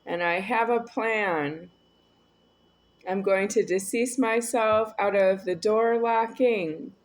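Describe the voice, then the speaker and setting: A woman talking alone to the camera in a rambling, repetitive monologue, swinging between a quiet voice and a raised one. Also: mid-range voice, slow pace. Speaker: video creator.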